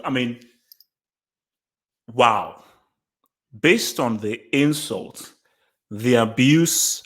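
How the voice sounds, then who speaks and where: A man hosting a live football reaction stream, excitable, laughing often and repeating his words. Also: medium pitch. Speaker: football channel host.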